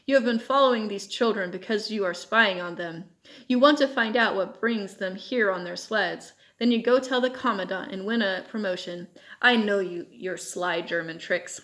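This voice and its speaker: A stern middle-aged captain questions a prisoner sharply, as a woman reader voices him, severe and doubting. The pitch stays in an ordinary middle range, close to her plain reading voice. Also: moderate pace, a bit bright, natural voice.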